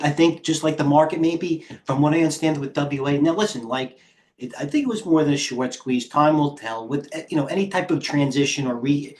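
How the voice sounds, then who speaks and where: Tired middle-aged host who rambles through live market commentary, ticker after ticker. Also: male voice, mid-range voice. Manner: rambling, off-the-cuff, jumps between stock tickers. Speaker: trading stream host.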